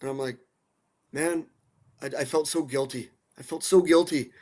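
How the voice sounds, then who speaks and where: A man from central Alberta talking casually as a guest, animated and blunt, swearing now and then, restarting and repeating words. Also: a little high, normal speed, slightly rough. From central Alberta, Canada. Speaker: guest, musician and dog rescue advocate. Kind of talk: casual storytelling.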